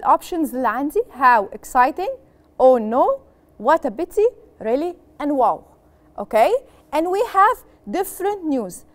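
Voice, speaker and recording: An Egyptian woman teaching a bilingual English lesson, explaining in English and repeating each phrase in Egyptian Arabic, acting out the sample phrases with expressive emphasis. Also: high voice.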